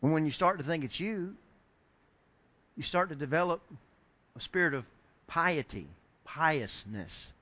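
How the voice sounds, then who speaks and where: A middle-aged male pastor preaching with a high, bright voice. He tells stories in an animated way, acts out the voices of the people in them, and pushes up into near-shouts to land his points. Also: measured pace, long pauses. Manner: animated storyteller acting out quoted voices, rising to shouts. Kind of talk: sermon with storytelling.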